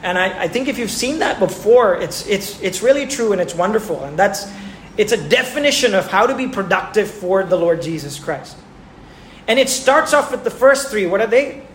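A man's voice: high voice, animated, normal speed. A man preaching a sermon who asks his listeners questions and repeats words for emphasis. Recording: echoey room with faint ambient noise.

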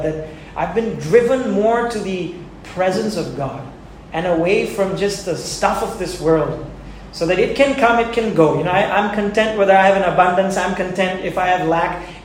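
Male pastor, earnest conversational preaching, high voice, heavy hall echo. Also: slight background noise. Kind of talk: sermon. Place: church sanctuary. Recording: very echoey church hall.

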